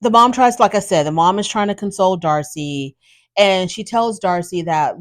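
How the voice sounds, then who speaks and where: Animated woman giving opinionated recaps. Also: mid-range voice, moderate pace. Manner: animated, opinionated, acts out quotes. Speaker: host recapping a reality show. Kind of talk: casual commentary.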